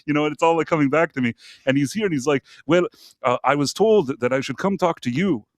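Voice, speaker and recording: A man's voice: a little high, a little fast, no room sound. Guy on a live podcast rambling thru a story, lots of "you know what i mean", dry close sound. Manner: rambling, many fillers and asides. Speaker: podcast host. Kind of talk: casual storytelling on a live show.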